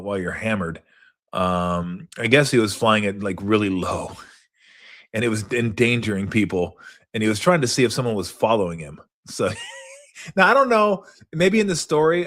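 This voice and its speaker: A middle-aged man hosting a sports talk show, rambling casually and cursing, sometimes acting out people in high mocking voices. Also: animated, normal speed, a bit bright. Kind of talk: casual solo rambling recap.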